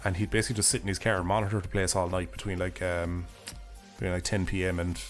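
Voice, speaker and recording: A young Irish man streaming a game, chatting casually in a rambling way, swearing freely and laughing often, his voice hoarse and failing. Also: low voice, flat delivery, fast talker, soft background music. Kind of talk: casual livestream chat while gaming.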